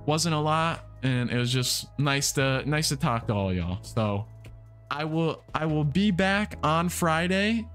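Young man chatting on a relaxed game stream. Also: fairly high pitch, measured pace. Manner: relaxed, rambling, repeats words and restarts often. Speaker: livestream gamer host. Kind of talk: casual livestream chat while playing. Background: soft background music.

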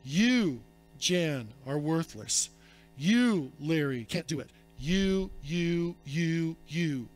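A pastor voicing the devil as a sneering male tempter who whispers accusations in a slow, low, taunting tone. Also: lively intonation, soft background music.

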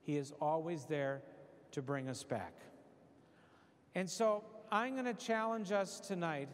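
A middle-aged man giving a parish retreat sermon, telling a story with lively humor. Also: on the high side, unhurried. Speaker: retreat preacher. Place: church. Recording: echoey church hall.

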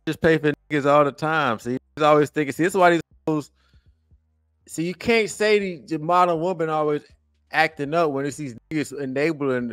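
A man reacting to a podcast clip on a stream, ranting and swearing in animated casual talk. His voice sits slightly high and sounds close and dry, with a little music underneath. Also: normal speed, no echo.

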